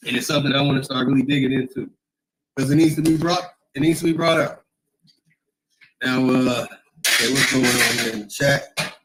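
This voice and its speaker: A man's voice: mid-range voice, fairly even intonation, moderate pace, long pauses, a bit bright, low-quality recording. Rambling, emphatic male livestream host. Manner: rambling, emphatic, repeats himself. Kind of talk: casual livestream talk, reading chat.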